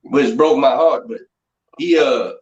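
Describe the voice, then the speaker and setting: A man's voice: medium pitch, slow, a little mellow. A man who works as a strength and conditioning coach, talking in casual podcast chat and telling blunt, profane stories about the gym. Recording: echoey, dull remote call audio.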